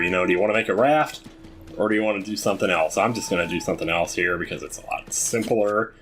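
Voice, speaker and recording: A man's voice: deep voice, a bit bright, slight background noise. A man giving casual, jokey commentary while playing a video game, chatting to the characters on screen. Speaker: gameplay commentator. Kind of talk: casual let's-play commentary.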